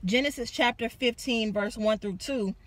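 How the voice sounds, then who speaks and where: A young adult woman giving a casual sermon, telling the story with animated, acted-out quotes. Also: on the high side, normal speed, dry recording. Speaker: preacher.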